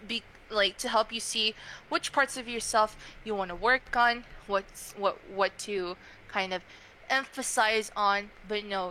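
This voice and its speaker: A woman's voice: medium pitch, a little hiss or hum, rough recording. A young woman being interviewed as a tarot reader, talking casually with lots of fillers. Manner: chatty, frequent fillers, animated quoting.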